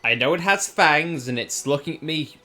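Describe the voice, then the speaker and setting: A man's voice: fairly high pitch, animated, moderate pace, sharp tone. A man streaming a video game with casual, joking commentary, laughing often.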